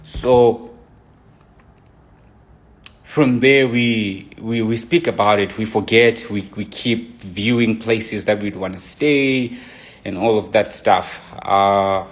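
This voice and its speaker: A young man gives his side of a relationship story as the boyfriend, speaking slowly in a fairly low voice. He rambles casually, restarting sentences and dropping in frequent "you know" asides.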